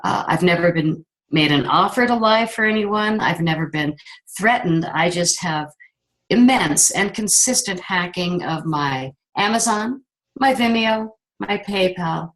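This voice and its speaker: A woman's voice: fairly low pitch, unhurried, rough recording. A middle-aged woman filmmaker telling a personal story in an interview, acting out what others said. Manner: animated storyteller, acts out quotes of others.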